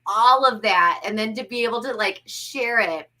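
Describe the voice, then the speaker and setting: A woman's voice: a little high, moderate pace, sharp tone. A woman hosting an interview who asks questions and reacts with effusive exclamations. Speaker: host.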